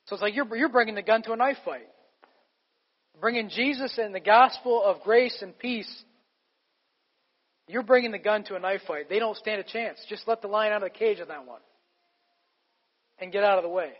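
Emphatic high-voiced male preacher. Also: normal speed, long pauses, big-room sound, dull audio. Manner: emphatic, conversational preaching with rhetorical questions. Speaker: pastor. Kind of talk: sermon.

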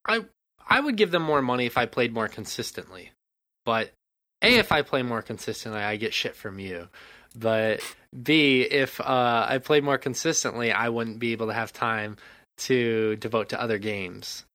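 A man's voice: mid-range voice, normal speed, sharp tone. A man co-hosting a casual gaming podcast, speaking in an emphatic, opinionated rant. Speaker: podcast co-host.

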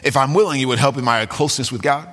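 A man preaching a sermon as pastor, animated and dramatic, acting out quotes with sudden swings in his voice. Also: mid-range voice, fast talker, big-room sound.

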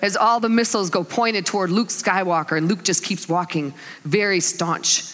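A middle-aged mother speaking at a church talks at normal speed and medium pitch, her voice followed by a long reverb tail. She preaches through animated stories, laughing and voicing the characters herself.

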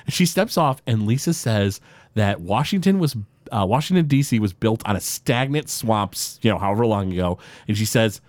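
Guy recapping an episode on a podcast, pitch jumping all over, dry close sound, lots of uhs. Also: lively intonation, normal speed, dry recording. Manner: rambling, lots of filler words. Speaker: podcast co-host. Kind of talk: casual recap chat.

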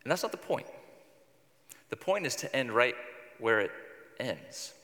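A man's voice: mid-range voice, sing-song, a little slow, bright, forceful tone, in a large hall. A male pastor giving a sermon, retelling a scripture story in a conversational, wry way.

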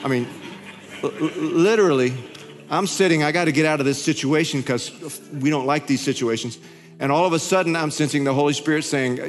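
A male pastor telling a story in his sermon, animated, his voice climbing high when he gets excited. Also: normal speed. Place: large church hall. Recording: hall reverb with faint music.

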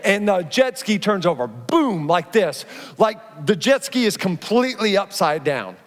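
High-voiced man preaching in a big hall. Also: normal speed. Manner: animated, acts out his stories, frequent restarts. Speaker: pastor. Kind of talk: sermon with personal storytelling. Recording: long reverb from a large hall.

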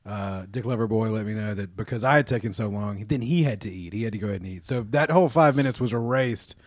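A man co-hosting a podcast, defending himself with quick, amused explanations in casual banter. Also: lowish voice, dry recording, clean studio sound. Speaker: podcast co-host.

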